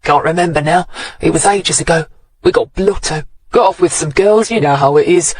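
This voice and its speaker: A man's voice: on the high side, normal speed, no room sound, natural voice. A man voicing a sullen, snarling small-time pimp under police questioning in an audiobook. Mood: evasive. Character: surly small-time male pimp suspect. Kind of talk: audiobook character voice.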